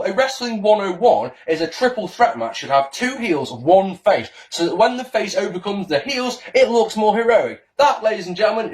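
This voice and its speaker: A man rants straight into his camera in a small room, combative and sarcastic. His voice swoops high and low with every jab, and he swears freely as he picks apart someone else's claims. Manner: sarcastic, indignant, swears often. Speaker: wrestling YouTuber. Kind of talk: combative response-video rant.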